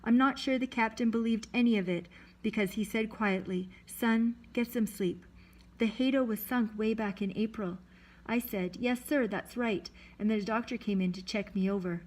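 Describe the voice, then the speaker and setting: A woman reading a novel aloud to listeners, lifting her voice for shouted dialogue. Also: fairly high pitch, moderate pace, rough recording. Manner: lively, lifts voice for shouted dialogue. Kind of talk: read-aloud storytelling.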